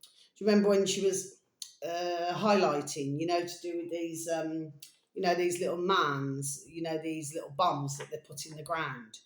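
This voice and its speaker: A woman with an English accent talks in a loose, wandering monologue, circling back on herself and addressing her listeners fondly. Her voice sits fairly low, and the sound carries the echo of a bare home room. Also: fairly even intonation, normal speed. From England. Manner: chatty, meandering, calls listeners "my delicious babies". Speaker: channel host. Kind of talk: rambling casual monologue. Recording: roomy echoey home room.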